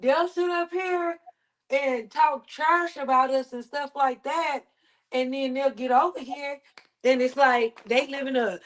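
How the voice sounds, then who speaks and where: A woman's voice: sits high, steady tone, measured pace. A woman in a heated casual discussion, emphatic and insistent, repeating her points. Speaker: co-host.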